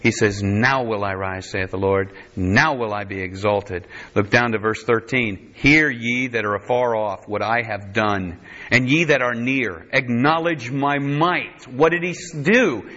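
Male preacher, mid-pitched, animated storytelling delivery with folksy asides, slightly dull lo-fi recording. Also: unhurried. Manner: animated, acts out quotes in higher voice, folksy asides. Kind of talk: sermon.

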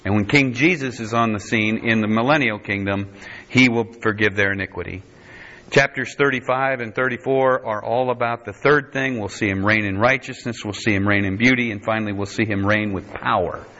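Male preacher, mid-pitched, animated storytelling delivery with folksy asides, slightly dull lo-fi recording. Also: a little fast. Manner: animated, acts out quotes in higher voice, folksy asides. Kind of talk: sermon.

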